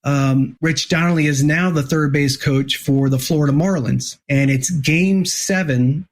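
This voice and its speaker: A man, an author and former sportswriter, telling a story as an interview guest, animated and full of restarts. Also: fairly high pitch, measured pace. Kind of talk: conversational storytelling.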